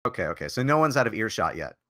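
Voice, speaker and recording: A man playing a tabletop game, asking the game master eager, animated questions. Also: lowish voice, racing. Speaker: player. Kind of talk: tabletop role-play.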